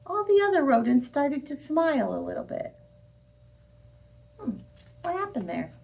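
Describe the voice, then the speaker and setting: Lively, sing-song woman reading to children. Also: sits high, unhurried, gravelly. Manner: expressive, sing-song, addresses children directly. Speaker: storyteller. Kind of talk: children's read-aloud.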